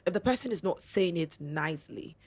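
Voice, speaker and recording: A woman with a Nigerian accent, a radio host talking as a podcast guest in an animated way. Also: fairly low pitch, brisk, slightly rough. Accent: Nigerian English. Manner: animated, acts out radio announcer voices. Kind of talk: casual podcast chat.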